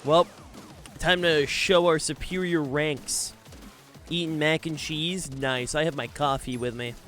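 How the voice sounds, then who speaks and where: Young male game streamer, brash and jokey, a bit high-pitched, casual live chat. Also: fairly even intonation, measured pace, a bit bright, faint music behind. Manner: brash, joking, swears a lot.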